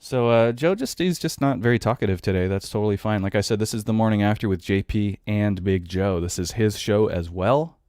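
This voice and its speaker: A man's voice: lowish voice, brisk, few pauses, a little mellow, dry recording. A man in his thirties hosting a podcast, ranting in a casual, exasperated, profane way. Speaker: podcast host.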